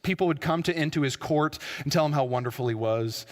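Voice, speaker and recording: Male preacher, slightly high voice, storytelling sermon with fillers, long church-hall reverb. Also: fairly quick. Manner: storytelling, with frequent fillers and restarts.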